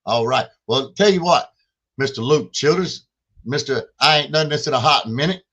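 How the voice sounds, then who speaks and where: A man's voice: mid-range voice, moderate pace, sharp tone, husky, rough recording. A man, co-hosting a livestream and hyping donations, repeating phrases and calling himself in the third person. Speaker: podcast co-host. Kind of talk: lively livestream fundraising chat.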